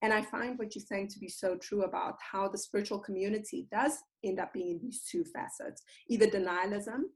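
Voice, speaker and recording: A woman hosting a podcast, chatty and quick to laugh, often telling anecdotes. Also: medium pitch, low-quality recording. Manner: warm, laughs easily, tells anecdotes. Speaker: podcast host. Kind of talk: casual conversation.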